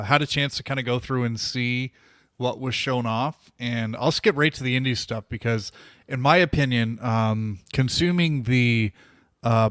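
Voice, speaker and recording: A man's voice: medium pitch, no room sound, clean studio sound. A man co-hosting a gaming podcast, talking thoughtfully and hesitating with plenty of fillers. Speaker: podcast co-host. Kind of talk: casual podcast chat.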